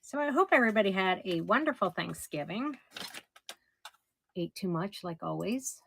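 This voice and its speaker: A middle-aged woman running a casual live auction, chatty and somewhat hoarse as she loses her voice. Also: medium pitch, animated, moderate pace, a little hiss or hum. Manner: chatty, describes items warmly with soft laughs. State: losing her voice. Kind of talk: casual live-stream selling.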